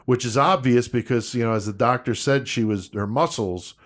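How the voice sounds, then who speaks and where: A man co-hosting a casual true-crime podcast. His voice sits at a middle pitch. He lays out the facts in a loose, profane, conversational way. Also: moderate pace. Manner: laid-back, profane, recounting case details. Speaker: podcast co-host.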